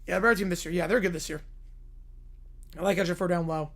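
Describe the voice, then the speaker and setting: Hoarse man answering chat. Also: high voice, fairly even intonation, a bit bright. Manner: quick offhand replies to chat. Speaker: streamer. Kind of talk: casual livestream Q&A.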